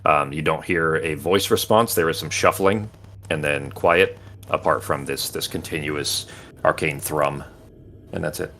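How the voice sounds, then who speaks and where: A man running a tabletop game as game master, describing scenes with frequent pauses and restarts. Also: extremely low pitch, fairly bright tone, a little hiss or hum. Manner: hesitant, restarts often while describing.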